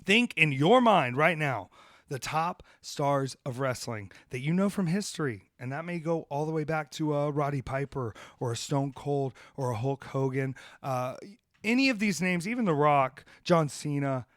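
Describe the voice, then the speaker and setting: A man who is a professional wrestler co-hosting a podcast, ranting with heavy swearing, then telling road stories, his loudness swinging between shouted emphasis and hushed asides. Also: fairly high pitch, animated, normal speed, dry recording, studio quality. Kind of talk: fired-up rant, then casual storytelling.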